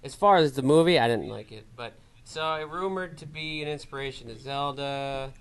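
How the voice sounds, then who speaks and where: A man's voice: mid-range voice, normal speed. Hesitant stammering man. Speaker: podcast co-host. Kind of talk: casual podcast chat.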